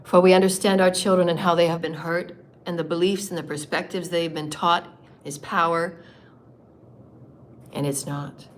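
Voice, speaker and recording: A woman hosting a live stream, speaking in a soft, earnest, devotional way with a scratchy, hoarse voice and long flowing phrases of praise and thanks. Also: on the low side, steady tone, moderate pace, long pauses. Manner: heartfelt and reverent, praising and thanking. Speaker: spiritual live-stream host. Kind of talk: devotional spiritual talk.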